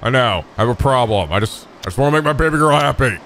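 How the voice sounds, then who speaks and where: A man's voice: mid-range voice, fast talker, slight background noise. A man hosting a video game playthrough, swearing and trash-talking in mock anger. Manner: profane, excitable, mock-angry trash talk. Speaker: let's play host. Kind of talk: gaming commentary.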